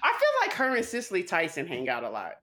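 A woman's voice: lowish voice, huge pitch swings, fast talker, sharp tone. A woman co-hosting a podcast in casual chat, playful and laughing often. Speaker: podcast co-host.

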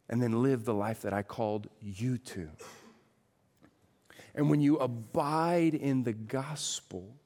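Emphatic preaching man. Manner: emphatic, swings from loud rising peaks to quiet low passages; asks the congregation rhetorical questions. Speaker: pastor. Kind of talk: sermon.

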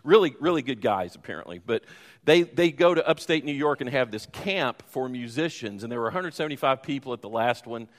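A man's voice: medium pitch, expressive, fairly quick. A middle-aged man preaching a sermon, telling a long personal story with many fillers and restarts. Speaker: pastor. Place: church sanctuary. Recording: long hall reverb.

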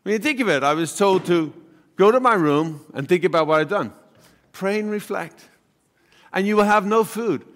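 A man giving a homily, telling a family story in a chatty, halting way and acting out the voices in it. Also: high-pitched, lively intonation, fairly bright tone. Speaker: priest. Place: church. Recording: long hall reverb.

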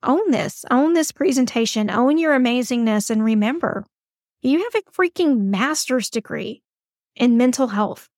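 A woman hosts an advice podcast in a chatty, emphatic, encouraging way. Her voice sits fairly high. The sound is dry and close to the mic. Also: animated, normal speed, a little mellow, no room sound. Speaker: podcast host.

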